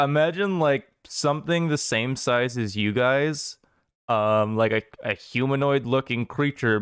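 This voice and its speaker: A man's voice: medium pitch, smooth, dry recording, clean studio sound. A man running an online tabletop game as game master, describing creatures in loose, filler-heavy talk.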